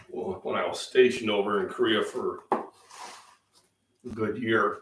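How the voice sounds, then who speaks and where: A middle-aged Midwestern man hosting a casual fitness chat, rambling with many fillers, feeling under the weather with coughs and throat-clearing. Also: lowish voice, slow, background noise. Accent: Midwestern American. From Illinois, US Midwest. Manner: rambling, chatty, frequent fillers. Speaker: fitness channel host. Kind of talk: casual live-stream breakfast chat. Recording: echoey room, distant mic.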